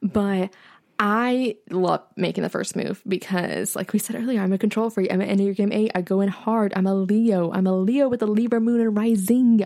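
A woman's voice: mid-range voice, fairly even intonation, moderate pace, creaky, mellow. Chatty young woman podcast co-host. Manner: chatty and playful, lots of "like" and laughter. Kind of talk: casual chat.

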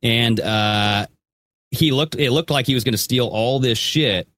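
A man's voice: medium pitch, unhurried, a bit bright, no room sound. A man co-hosting a podcast in casual chat, laid-back, swearing, full of fillers. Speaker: podcast co-host.

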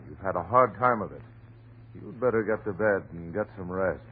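Husky, calm doctor in old radio drama. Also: male voice, sits low, normal speed. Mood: reassuring. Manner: soothing, firm, reassuring. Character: calm doctor and family friend. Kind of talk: 1940s radio acting. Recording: tinny old radio recording.

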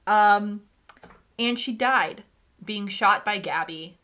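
Bright-voiced woman ranting casually. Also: medium pitch, slow. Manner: animated, swearing, ranting. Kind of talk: casual chat.

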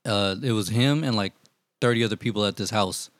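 A man telling profane, animated stories in casual chat with friends, acting out what people said. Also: lowish voice, a little fast, no room sound, studio quality. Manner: profane, animated storytelling, acts out quotes. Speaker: storyteller among friends.

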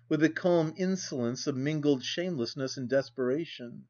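A man reads a period novel aloud in the first person. His delivery is measured and earnest, his voice sits slightly high, and the recording sounds dull and lo-fi. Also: a little mellow. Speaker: audiobook reader. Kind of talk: scripted narration.

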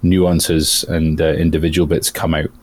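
A man talking as a voice actor guest in a casual interview, thoughtful and halting, often restarting his sentences. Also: a bass voice, flat delivery, darkish tone. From outside the United States.

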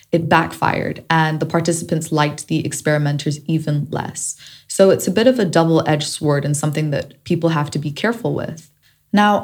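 Low-voiced woman with shifting Kenyan-British accent. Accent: shifting mix of Kenyan and British. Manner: reflective and candid, warming to playful. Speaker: podcast host. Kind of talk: solo podcast monologue.

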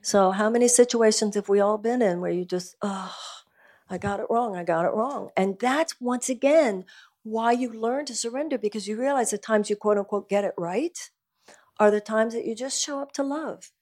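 A woman's voice: on the high side, normal speed, a little mellow. Earnest woman talking spirituality. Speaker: spiritual speaker and guest. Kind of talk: conversational talk at a live event.

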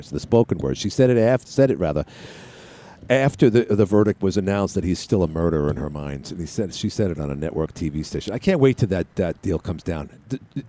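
A man's voice: sits low, warm tone. A male radio talk show host talking solo in a studio, rambling with frequent restarts and asides. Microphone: studio mic with headset.

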